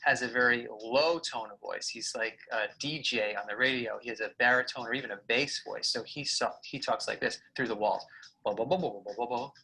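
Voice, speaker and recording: A man presenting a scripted video lesson as a communication coach, explaining clearly and acting out examples. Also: mid-range voice, a little fast, few pauses, bright, forceful tone, rough recording. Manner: clear explanatory delivery with vocal demonstrations.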